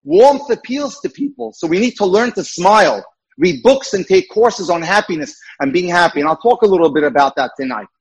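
A man's voice: high-pitched, animated, a little fast, husky, highs cut off. A man giving a lecture-style talk as a dating mentor, earnest and emphatic, repeating his key points.

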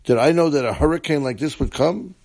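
A man's voice: on the high side, fairly quick, darkish tone, no room sound, voice pushed up. A man voicing a dying, repentant old innkeeper who pleads in a weak voice. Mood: pleading. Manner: pleading, remorseful confession.

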